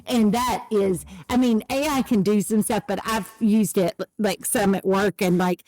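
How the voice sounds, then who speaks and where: A woman's voice: mid-range voice, fairly even intonation, measured pace, darkish tone, no echo. A middle-aged woman co-hosting a podcast, telling exasperated stories in casual banter and acting out what others say. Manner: exasperated storytelling, quotes others in voices. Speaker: podcast co-host.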